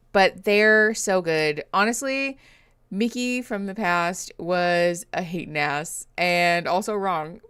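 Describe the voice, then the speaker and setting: Tired and yawning, a young adult woman who is a therapist streams reactions, chatting casually, reading comments, greeting viewers, and laughing often. Her voice is medium-pitched, a bit bright and smooth, in a dry recording.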